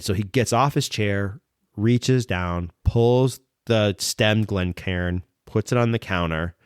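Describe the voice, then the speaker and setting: Rambling, low-voiced man telling a story. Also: smooth, no echo, clean studio sound. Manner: rambling, heavy use of fillers like "like" and "um"; excited, retelling events with restarts. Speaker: podcast host. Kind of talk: casual storytelling.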